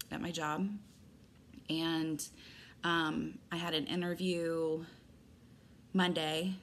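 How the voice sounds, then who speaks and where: A woman's voice: low voice, sharp tone, slight background noise. A woman vlogging from home in a casual chatty way, rambling with lots of fillers and restarts. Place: indoors at home.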